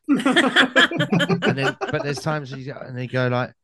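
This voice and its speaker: A man hosting a podcast, telling rambling anecdotes with deadpan punchlines in casual chat. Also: on the high side, slow, crowd noise.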